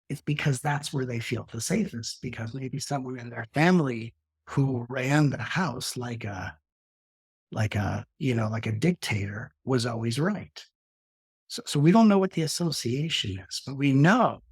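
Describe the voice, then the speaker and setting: A middle-aged man, a spiritual teacher, talking reflectively in an interview and slowing his speech to show calm breathing. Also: slightly rough, no room sound, clean studio sound. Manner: slows down and softens to demonstrate calm breathing; acts out quoted arguments with sudden rises in pitch.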